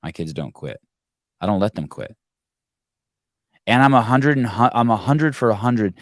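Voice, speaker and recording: A man's voice: on the low side, expressive, normal speed, no room sound, clean studio sound. A man in his forties hosting a call-in podcast, telling blunt, profane stories in casual chat. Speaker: podcast host.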